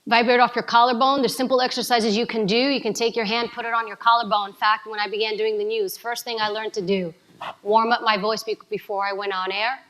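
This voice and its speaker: A woman from New giving an energetic coaching talk to a live audience, asking them questions. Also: medium pitch, fairly quick. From New York City. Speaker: speaker at a summit.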